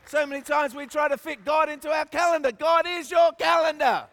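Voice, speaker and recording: An Australian man delivers a sermon in a strikingly high voice. He drops to quiet asides, then rises to shouted, emphatic peaks. A long hall reverb trails every phrase. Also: steady tone, a little fast, some chatter behind. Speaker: preacher.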